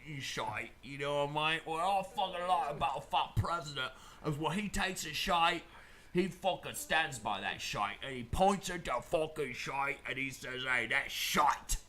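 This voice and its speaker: A man's voice: fairly high pitch, expressive, normal speed, a little hiss or hum. A man doing a put-on Cockney voice as a brash, crude London bloke. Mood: rowdy. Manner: loud, boastful, crude. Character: brash rowdy London bloke, adult male.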